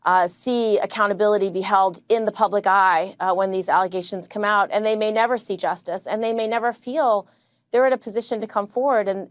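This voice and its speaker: A woman senator answering in a TV news interview, earnest and measured with some hesitant fillers. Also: mid-range voice, no room sound.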